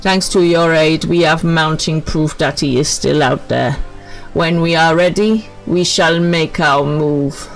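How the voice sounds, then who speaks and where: A woman's voice: deep voice, steady tone, rough recording. A woman doing a stern captain in a Jamaican accent. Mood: grave. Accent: put-on Jamaican. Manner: slow, deliberate reading of game dialogue. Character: stern male military captain reading orders. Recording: faint game music behind.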